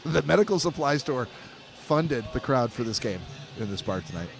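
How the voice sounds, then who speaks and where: A man's voice: medium pitch, very animated, normal speed, creaky. A man co-hosting a podcast in casual banter, stammering and repeating words as he starts his sentences. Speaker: podcast co-host. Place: bar during a football game.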